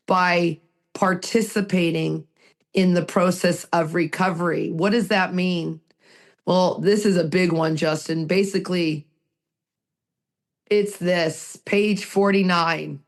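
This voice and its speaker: A woman's voice: mid-range voice, slow, fairly bright tone. A woman co-hosting a recovery podcast, talking in an emphatic, heartfelt way and repeating her phrases for weight. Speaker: podcast co-host.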